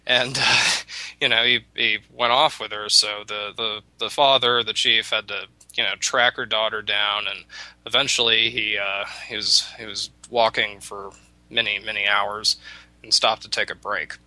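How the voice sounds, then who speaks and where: A man retells a folk tale on talk radio, loose and rambling. His voice is low and very bright. The sound is dry and close. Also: level tone, moderate pace, no room sound, poor audio. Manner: rambling with many restarts. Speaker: radio show talker. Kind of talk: casual storytelling on talk radio.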